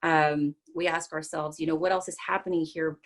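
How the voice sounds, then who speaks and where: A woman's voice: low voice, little pitch movement, moderate pace. A woman psychotherapist giving a talk, earnest and reassuring, with frequent fillers and restarts. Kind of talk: talk to an online group.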